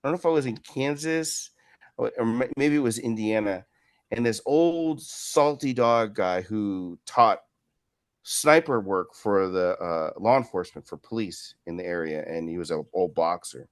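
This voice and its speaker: In an interview, a martial arts instructor in his fifties tells long, rambling stories, often tagging his statements with "right?" His voice is lowish and his pace moderate.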